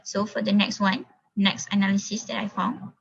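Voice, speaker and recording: A woman's voice: mid-range voice, flat delivery, moderate pace, gravelly, breathy edge, muffled recording. A young woman student explaining her part of a class presentation step by step over a video call, with many fillers. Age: young adult.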